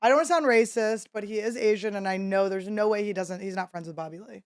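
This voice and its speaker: A woman in her thirties hosting a podcast, telling a story in casual chat and acting out quotes in a higher voice. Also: quick pace, smooth. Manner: animated, acts out quotes in a high voice. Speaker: podcast host.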